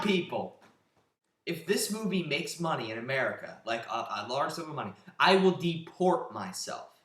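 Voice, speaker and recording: A man's voice: high voice, bright, forceful tone. A man giving a sarcastic, exasperated rant as an online movie reviewer. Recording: roomy echo.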